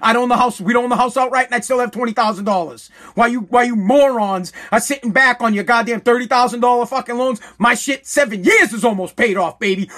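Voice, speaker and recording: A man's voice: very high voice, a little fast, hardly any pauses, a bit bright. A man who owns a small business, ranting in a profane, agitated vlog monologue and stumbling over his words as he repeats himself. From United States.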